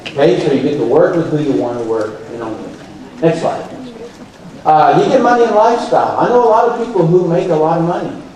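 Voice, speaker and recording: A man giving a live talk at a conference, telling stories and acting out quoted dialogue. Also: a little high. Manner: animated storyteller who acts out quoted dialogue. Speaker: conference speaker. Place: large conference hall. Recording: very echoey hall, heard from far off. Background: audience laughter.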